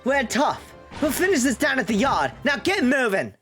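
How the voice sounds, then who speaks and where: Bossy police inspector played by a woman, barking orders, animated voice. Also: high-pitched, moderate pace, faint music behind, voice pushed up.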